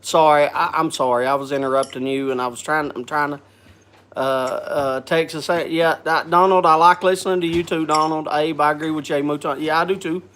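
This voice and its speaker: A man's voice: fairly high pitch, fairly even intonation, a bit bright, slight background noise. A man hosting a casual live chat, congested from a cold, coughing and often restarting his sentences. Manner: halting, restarts with repeated words. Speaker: host.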